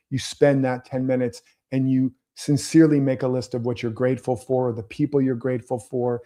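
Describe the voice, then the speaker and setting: A man's voice: medium pitch, warm tone. A man hosting his own show, giving earnest motivational commentary and coaching his viewers directly. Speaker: host.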